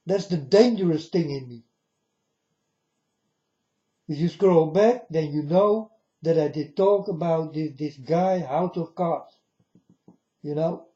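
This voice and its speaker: High-voiced man, slow solemn warnings. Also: dark tone. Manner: solemn, warning tone, repeatedly addresses "folks". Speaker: video blogger. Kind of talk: monologue to camera. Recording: dull lo-fi recording.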